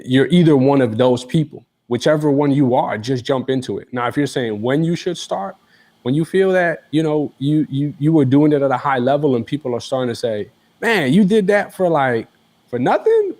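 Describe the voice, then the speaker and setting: Male co-host, relaxed everyday advice talk, thinks out loud with plenty of fillers. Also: medium pitch, brisk. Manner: loose, searching for words, many fillers. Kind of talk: casual advice chat.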